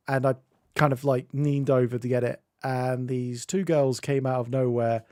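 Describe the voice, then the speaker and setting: British male streamer, chatty, rambling, mid pitch, dry close sound. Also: steady tone, normal speed, darkish tone, no room sound. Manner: chatty, rambling, laughs often. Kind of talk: casual chat.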